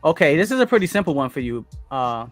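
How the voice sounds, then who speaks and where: A man hosting a live stream, chatting casually with loud, laughing banter. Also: a little high, big pitch swings, fast, faint music behind. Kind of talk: casual chat.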